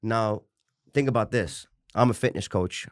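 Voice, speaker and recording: A man's voice: lowish voice, measured pace, dry recording, clean studio sound. A man in his forties, a fitness coach, telling his story as an interview guest in a passionate, rambling way, with restarts and swearing. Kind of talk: candid personal storytelling.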